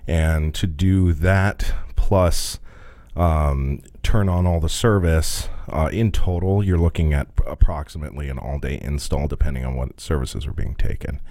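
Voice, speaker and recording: A man's voice: rumbling low, fairly even intonation, measured pace, darkish tone, no room sound, studio quality. A man co-hosting a podcast, telling a work story in a casual, profane way and laughing along. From rural Midwest US. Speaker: podcast co-host.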